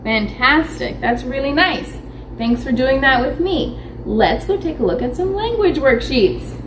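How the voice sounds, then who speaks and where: A woman's voice: sits high, lively intonation, measured pace, background noise. A young woman teaching a live online phonics lesson to small children, asking questions, answering them herself and sounding out letters with care. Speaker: preschool teacher. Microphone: webcam or phone camera.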